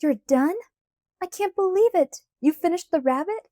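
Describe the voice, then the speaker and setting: An eager, wry teenage girl performed by a woman reading an audiobook speaks brightly and emphatically. The voice sits a little high with a mellow tone. The sound is dry and close. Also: moderate pace, no echo, natural voice. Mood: excited.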